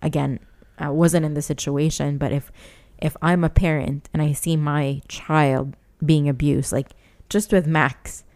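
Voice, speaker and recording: A woman's voice: low voice, fairly even intonation, unhurried, few pauses, a little mellow. A woman co-hosting a podcast, talking earnestly and with rising indignation, with frequent restarts. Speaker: podcast co-host. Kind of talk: casual chat.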